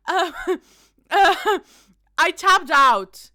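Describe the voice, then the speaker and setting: Bright, high-voiced woman streamer. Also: animated, very slow, pauses often, dry recording, studio quality. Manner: bubbly, bursts into loud panicked squeals and laughter; calls viewers darling. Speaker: game streamer. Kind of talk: casual live-stream chat.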